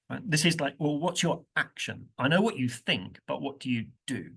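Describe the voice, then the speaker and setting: This workshop presenter's voice is mid-range, fairly bright and slightly rough, moving at a normal pace. Teaching a university session interactively, he jokes around, laughs frequently and acts out stressed words in sample phrases.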